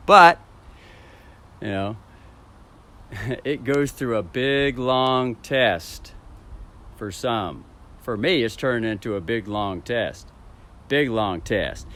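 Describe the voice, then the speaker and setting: A man talks off the cuff to a camera, rambling and swearing freely. His mid-pitched voice swings widely up and down, and he chuckles to himself between thoughts. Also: a bit bright. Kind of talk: rambling vlog monologue to camera.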